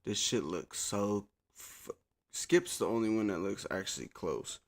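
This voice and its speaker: A man's voice: fairly low pitch, lively intonation, measured pace. A man streaming a game, chatting to his viewers in a rambling, profane, laid-back way. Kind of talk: casual live-stream chat.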